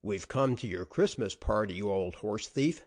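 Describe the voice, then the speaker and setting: A man's voice: on the low side, animated, moderate pace. A man reading an audiobook, voicing a folksy, blunt middle-aged man. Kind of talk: audiobook character voice.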